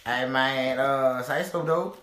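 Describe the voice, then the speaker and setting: A man's voice: mid-range voice, slow, fairly bright tone. A man co-hosting a podcast, joking and trash-talking in brash, profane casual chat. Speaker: podcast co-host.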